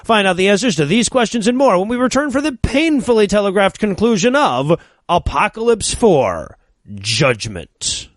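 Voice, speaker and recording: Wry high-voiced podcast co-host. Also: male voice, sing-song, normal speed, no room sound. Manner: wry, recapping plot with jokes. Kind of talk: comedic movie recap.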